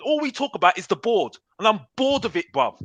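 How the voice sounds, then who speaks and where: A man's voice: high-pitched, very animated, brisk, a bit bright, no echo. A man ranting in a heated football debate, repeating "bruv" and talking over the others. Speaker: panelist on a football talk show.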